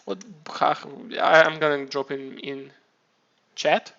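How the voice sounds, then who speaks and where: A man's voice: fairly high pitch, takes it slowly, vocal fry, fairly bright tone, highs cut off. A man casually chatting on his live stream, rambling and swearing, often restarting his sentences. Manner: rambling, profane, self-mocking, many restarts.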